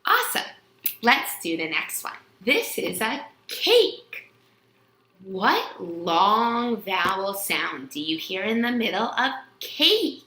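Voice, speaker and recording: Slow, lively woman teaching young children phonics. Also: mid-range voice, roomy sound. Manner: stretches out words and sounds, asks and answers her own questions.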